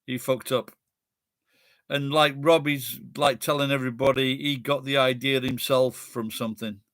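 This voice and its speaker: A man's voice: medium pitch, steady tone, moderate pace, a bit bright, no room sound, clean studio sound. A middle-aged man with a Sheffield accent, rambling in casual chat with friends and swearing bluntly. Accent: Sheffield English. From Sheffield, England.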